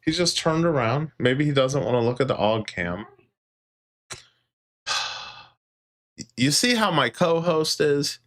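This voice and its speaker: Guy doing a laid-back stream, super animated voice going up and down, jokey, swears a bit, talks to his bird. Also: a little high, slow, long pauses. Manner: joking, chatty, talks to his parrot and chat; laughs often, swears casually. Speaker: livestream host. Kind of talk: casual livestream chat.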